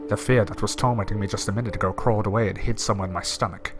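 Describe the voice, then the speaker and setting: A young man reading a horror game's text aloud in a theatrical way, with quick joking asides. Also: on the low side, fairly even intonation, over music. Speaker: gaming video creator.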